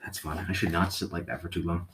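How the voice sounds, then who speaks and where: A man co-hosting a casual couch podcast, relaxed with dry, sarcastic humor. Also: low voice, quick pace, background noise. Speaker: podcast co-host. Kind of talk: casual chat. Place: living room couch.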